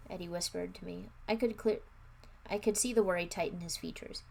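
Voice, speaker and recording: A woman reading a children's novel aloud live, expressive, with small self-corrections. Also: lowish voice, brisk, gravelly. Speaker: reader.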